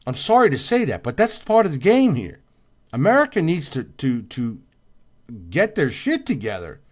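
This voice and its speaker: A man's voice: fairly high pitch, wildly swooping pitch, moderate pace. A tired man hosting a casual livestream, answering viewer comments by name in an emphatic, repetitive way and yawning now and then. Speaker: livestream host.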